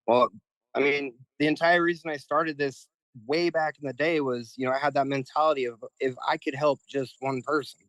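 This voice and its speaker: A man's voice: mid-range voice, fairly even intonation, normal speed, fairly bright tone, dry recording, low-quality recording. A man who is a guest musician, talking in a heartfelt, emotional way in a casual interview, often repeating words.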